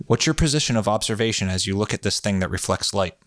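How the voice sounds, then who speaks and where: A man voicing a calm male session monitor, giving slow, measured, repeated directions in a hypnotic manner. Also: lowish voice, dry recording, clean studio sound.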